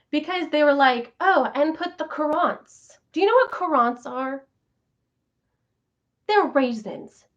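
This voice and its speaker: A bubbly, giggly woman with a high, bouncy voice that leaps all over the place, chatting warmly with her viewers. She sounds like she is on a casual live stream. The audio is a little dull and muffled. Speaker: vlogger host.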